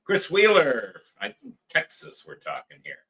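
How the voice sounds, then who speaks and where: Bright-voiced man reading live chat. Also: fairly high pitch, wildly swooping pitch, a little slow, vocal fry, a little hiss or hum. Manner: reads viewer comments aloud, jokey. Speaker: livestream co-host reading chat. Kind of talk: casual livestream chat.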